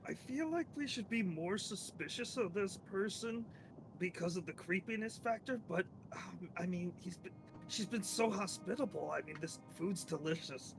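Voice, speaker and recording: A man's voice: high voice, animated, moderate pace, gravelly, over music, low-quality recording. A man voicing an easygoing adventurer, speaking as a hesitant, half-whispered aside. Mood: conspiratorial. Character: easygoing adventurer who loves the food.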